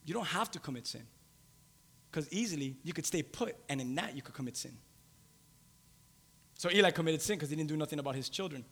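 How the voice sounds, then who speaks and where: Male preacher, bright punchy voice, repeats lines, echoey hall. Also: fairly high pitch, animated, fairly quick, long pauses. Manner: emphatic, repeats for stress. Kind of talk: sermon. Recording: long hall reverb.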